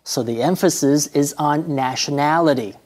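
A man from Taiwan teaches English vocabulary, switching between Mandarin and English. He explains each point in a clear, measured way, like a lesson host. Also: on the high side, darkish tone. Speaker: bilingual language teacher.

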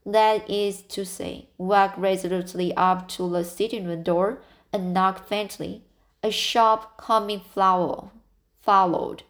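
A woman narrating a classic novel as an audiobook, reading carefully with small stumbles. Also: mid-range voice. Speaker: audiobook reader. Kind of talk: storybook narration.

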